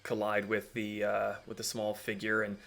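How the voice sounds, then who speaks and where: A man's voice: lowish voice, monotone, moderate pace, vocal fry, fairly bright tone. A man acting as dungeon master, narrating a tabletop game with frequent ums and restarts.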